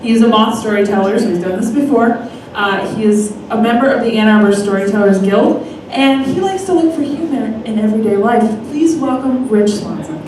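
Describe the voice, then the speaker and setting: A woman's voice: a little high, brisk, few pauses. A woman hosting a live storytelling event, casually introducing the next speaker. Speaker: event host. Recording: echoey room from far off with noise.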